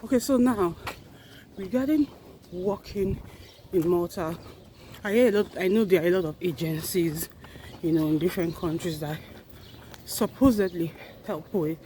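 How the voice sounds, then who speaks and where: A woman's voice: lowish voice, moderate pace, long pauses, mellow. A woman records a casual vlog as she walks toward a park, slightly out of breath. She chats in an earnest way and often stops to correct her own words. Faint outdoor noise sits under her voice. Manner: chatty, earnest, self-correcting. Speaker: vlogger.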